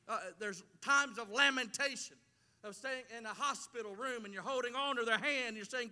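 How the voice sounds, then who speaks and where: Man, middle-aged pastor, very high and bright-toned, passionate repetitive sermon style, long church-hall echo. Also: normal speed. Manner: impassioned preaching with repeated phrases. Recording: long reverb of a large hall.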